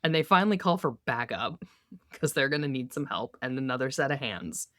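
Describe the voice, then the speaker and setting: A woman's voice: extremely low pitch, animated, fairly quick, a bit bright, dry recording, clean studio sound. A woman co-hosting a podcast, recapping a TV episode in casual chat, laughing often and acting out characters' lines. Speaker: podcast co-host.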